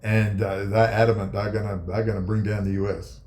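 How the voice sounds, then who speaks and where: A man's voice: little pitch movement, fairly quick, a little mellow. Sarcastic, profane ranting man. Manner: sarcastic, profane, swings from low mutters to high mocking outbursts. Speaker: commentator. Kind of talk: ranting political commentary. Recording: echoey room.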